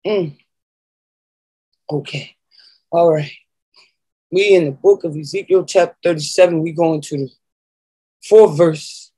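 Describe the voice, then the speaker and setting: A woman preacher giving an emotional spiritual testimony, moaning and sighing between phrases and pausing to collect herself. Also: lowish voice, mellow, husky, poor audio.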